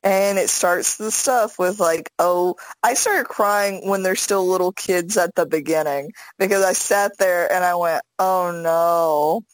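A woman co-hosting a podcast, chatting casually and animatedly, often slipping into high quoted voices. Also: measured pace, hardly any pauses, dry recording, low-quality recording. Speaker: podcast co-host. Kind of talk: casual chat.

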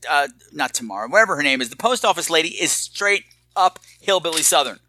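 A man's voice: a little high, lively intonation, quick pace, bright, forceful tone, a little hiss or hum. A man co-hosting a podcast, trading campy, crude jokes about a movie and laughing at his own lines. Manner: slips into put-on voices. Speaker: podcast co-host. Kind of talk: casual comedic movie chat.

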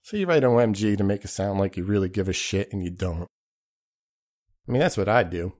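A male podcast host with a lowish, expressive, darkish-toned voice rambles briskly through a casual, profane, self-deprecating monologue. He acts out the voices of the people he quotes.

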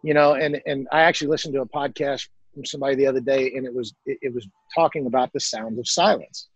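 A man hosting a podcast who reflects on a guest's story, halting and repeating words as he starts sentences. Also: mid-range voice, steady tone, slightly rough, dull audio. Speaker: podcast host. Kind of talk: casual conversation.

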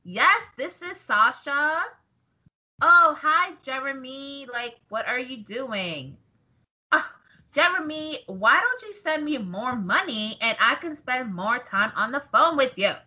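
A woman's voice: high-pitched, animated, slow pace, pushed and bright, full character voice, poor audio. A woman doing an impression of a female wrestler who flirts with a caller to get him to send money. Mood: flirty. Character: sultry female wrestler running a phone scam.

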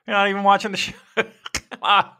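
A man's voice: sits high, normal speed, smooth. A man co-hosting a casual podcast, rambling and swearing freely as he talks wrestling. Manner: profane, rambling, animated. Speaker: podcast co-host.

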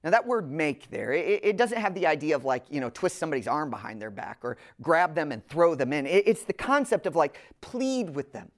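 A woman delivers a sermon in an earnest, emphatic voice that sits at a middle pitch. She speaks straight to her listeners and stretches out the key phrases to let them land. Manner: direct address to listeners. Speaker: preacher.

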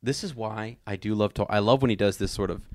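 A man co-hosting a podcast, chatting about a book and reading passages aloud slowly and dramatically, laughing easily. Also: on the low side, dry recording, clean studio sound. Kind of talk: casual book discussion with read-aloud passages.

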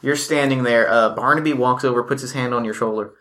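Bright-voiced man running a tabletop game. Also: medium pitch, fairly even intonation, brisk. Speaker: game master.

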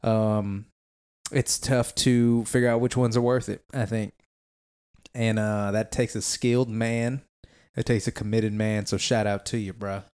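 A man's voice: fairly low pitch, level tone, measured pace, a little mellow, clear, resonant tone. A man in casual chat, talking loosely and profanely, rambling with restarts.

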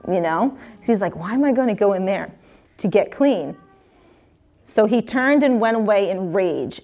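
A woman's voice: mid-range voice, darkish tone. A woman preacher reading a scripture passage aloud and explaining it in a casual, conversational way with frequent restarts.

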